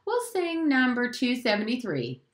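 A woman voicing a male church song leader who calls out hymn lines slowly and carefully. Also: a little high, wildly swooping pitch, pitched above the performer's own voice. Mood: measured. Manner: slow, careful, chanting lines. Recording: roomy echo.

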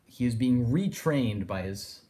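A man's voice: medium pitch, animated, a little slow, dark tone. Discursive male philosophy lecturer. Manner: discursive, thinking aloud with fillers like "in a sense". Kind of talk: recorded lecture.

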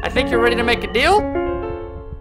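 A young man giving let's-play commentary on a horror game, joking and excitable as he talks to himself while playing. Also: very high voice, moderate pace, music in the background. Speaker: gaming YouTuber.

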